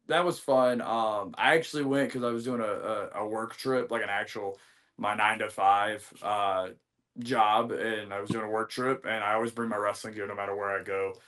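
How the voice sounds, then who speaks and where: Rambling, low-voiced American wrestler. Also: male voice, moderate pace. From United States. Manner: rambling, animated, many fillers and restarts. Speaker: guest, professional wrestler. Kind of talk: casual interview storytelling.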